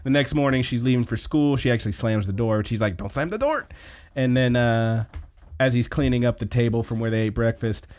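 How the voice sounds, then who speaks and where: A man's voice: mid-range voice, steady tone, fairly quick, a little mellow, clear, resonant tone. A man hosting a podcast, casually recapping anime episodes in a rambling way with lots of fillers. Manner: rambling, filler-heavy retelling. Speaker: podcast host.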